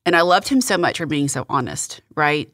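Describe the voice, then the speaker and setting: A middle-aged woman, a guest on a faith interview show, telling a personal story in a halting, earnest way with many restarts. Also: low voice, animated, fairly bright tone, dry recording, studio quality.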